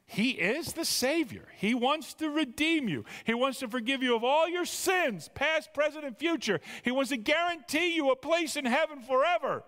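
A man's voice: extremely high pitch, fairly bright tone. A man preaching a sermon as pastor, emphatic, repeating words and rising with feeling. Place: church sanctuary. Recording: church hall reverb.

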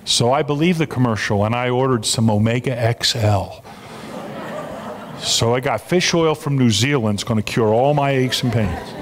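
A man's voice: mid-range voice, moderate pace, noisy background. A man preaching a sermon as a pastor, emphatic and repeating his key phrases for weight. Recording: long reverb of a large hall.

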